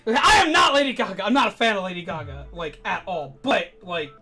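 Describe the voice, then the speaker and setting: A woman's voice: mid-range voice, expressive, fairly quick, bright, forceful tone, soft background music. A woman hosting a game stream, ranting in casual chat, swearing freely and laughing between points. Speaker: streamer host.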